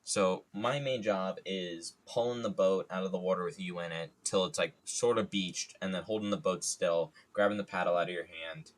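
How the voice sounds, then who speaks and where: Casting: low-voiced male streamer, rambling and jokey, casual storytelling. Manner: rambling, jokey, playful idioms. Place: home studio.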